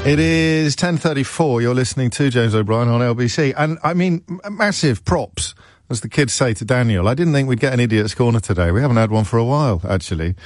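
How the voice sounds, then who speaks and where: A man's voice: mid-range voice, expressive, fairly quick, dry recording, clean studio sound. A man hosting a talk radio phone-in, talking in a wry, conversational, mock-exasperated way.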